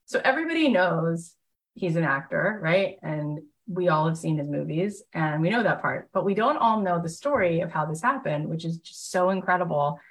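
A middle-aged woman giving a live motivational talk, telling stories with animated enthusiasm and chatty fillers. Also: lowish voice, normal speed, low-quality recording. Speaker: motivational speaker and program host.

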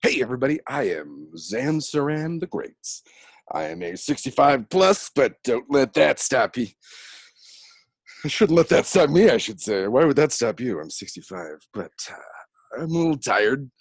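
A man's voice: medium pitch, sing-song, normal speed, slightly rough, no echo, clean studio sound. A man playing a weary showman wizard in his late sixties, speaking in a drawling, world-weary way that is grand but tired.

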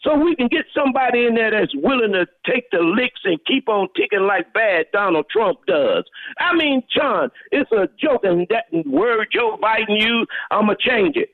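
A man's voice: sits high, animated, moderate pace, no echo. A male caller from Houston, Texas, ranting emphatically with a preacher-like cadence to a talk radio host. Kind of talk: fired-up call-in rant. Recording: phone line.

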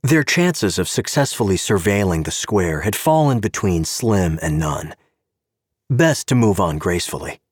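A man reads a scripted audio drama with wry, expressive storytelling on a close studio microphone. His voice is low and husky, with lively swings in pitch, and the recording is dry and close. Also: a little slow, no echo. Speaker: narrator.

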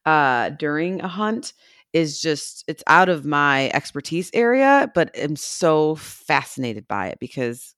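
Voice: mid-range voice, sing-song, a little slow, a bit bright, smooth, no echo, clean studio sound. A podcast co-host chatting casually and gushing with enthusiasm about animals. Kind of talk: casual chat.

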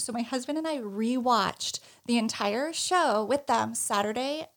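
Woman podcast co-host, middle-aged, lively storyteller, slightly high voice. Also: normal speed, hardly any pauses. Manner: animated storyteller, laughs often. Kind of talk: casual chat.

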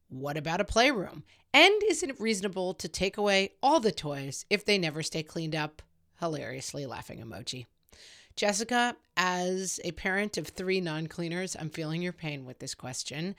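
A woman's voice: fairly low pitch, a bit bright. A woman hosting a casual parenting advice podcast, talking chattily with a self-deprecating humor and lots of "like"s.

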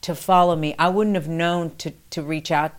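A woman recounting a past experience in conversational storytelling, acting out quoted dialogue with animated pitch jumps. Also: moderate pace. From New York City.

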